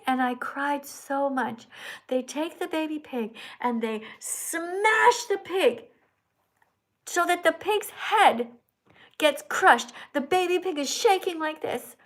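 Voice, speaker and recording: An older woman hosting a livestream, preaching emphatically about animals and reading out viewer messages, at times breaking into song. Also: sits high. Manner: preachy, emphatic, bursts into singing. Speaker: livestream host reading super chats.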